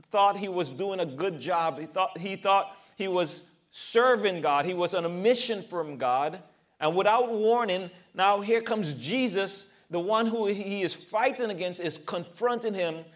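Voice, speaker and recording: A man preaches a verse-by-verse sermon as a pastor, with a voice pitched a little above the usual for a man. He is earnest and emphatic, working through the text and asking his listeners rhetorical questions. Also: a little slow.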